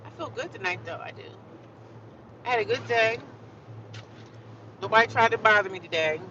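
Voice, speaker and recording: A woman's voice: medium pitch, normal speed. A woman livestreaming outdoors in the city, chatting casually and sassily with her viewers and laughing often. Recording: dull lo-fi phone audio with loud street noise.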